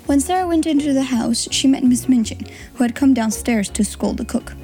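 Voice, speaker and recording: A woman's voice: high-pitched, normal speed, warm tone, soft background music. A woman hosting an audiobook podcast, chatting casually and reading a children's novel aloud. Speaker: audiobook podcast host and reader.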